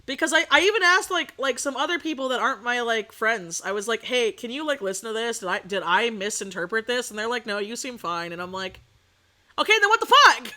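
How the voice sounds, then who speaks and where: A woman's voice: fairly high pitch, fairly quick, few pauses, sharp tone. A young woman streaming live, ranting casually to her chat, swearing and laughing between points. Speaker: VTuber streamer.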